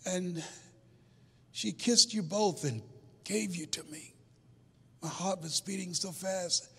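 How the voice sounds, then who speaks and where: Male motivational speaker, dramatic live storyteller, high voice, long hall reverb. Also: slow, vocal fry, breathy edge. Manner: dramatic, swings from hushed to shouting. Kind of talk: storytelling speech to a live audience.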